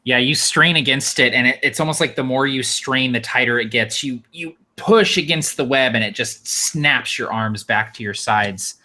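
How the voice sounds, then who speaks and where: A man's voice: mid-range voice, moderate pace, hardly any pauses, bright, forceful tone. A man narrating a tabletop role-playing game as game master, describing the action in an easygoing way with frequent fillers.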